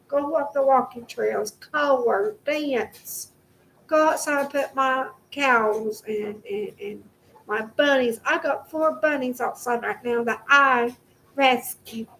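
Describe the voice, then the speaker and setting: A young woman with a high voice talks straight to the camera from her home in a heated, swearing rant that keeps circling back on itself. Faint room noise sits under her voice. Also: fairly bright tone, rough recording. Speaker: vlogger. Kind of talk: angry direct-to-camera rant.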